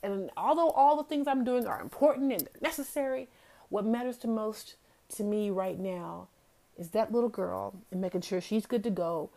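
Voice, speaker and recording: A woman's voice: mid-range voice, normal speed, creaky, mellow. A woman hosting a casual motivational talk. She speaks earnestly and repeats key phrases for emphasis. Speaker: host of a talk series.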